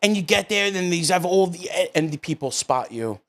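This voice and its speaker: Excitable New man, lively pitch. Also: normal speed. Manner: excitable storyteller, swears freely. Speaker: podcast co-host. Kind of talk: casual podcast conversation.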